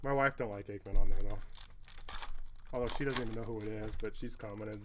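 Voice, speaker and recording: A man's voice: fairly low pitch, fairly even intonation, brisk. Man, card break host, casual chat, calls out cards, slight background hiss. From Southern California. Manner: chatty, calls out cards between stories.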